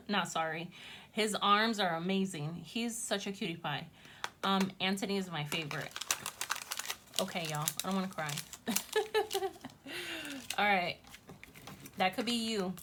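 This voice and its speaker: A woman's voice: lowish voice, a bit bright, a little hiss or hum. A woman casually chatting to viewers as she gives a tarot reading, gushing and talking straight to her audience. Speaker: tarot reader.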